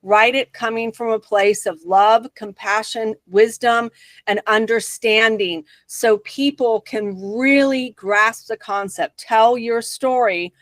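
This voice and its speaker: A woman guest in an interview, earnestly telling a personal spiritual story with emphatic pauses. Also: fairly high pitch, steady tone, dry recording.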